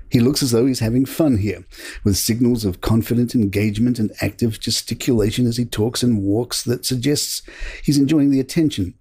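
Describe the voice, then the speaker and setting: A man hosting a podcast, reading royal news headlines from a script in a measured, steady way. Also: on the low side, breathy edge. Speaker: podcast host.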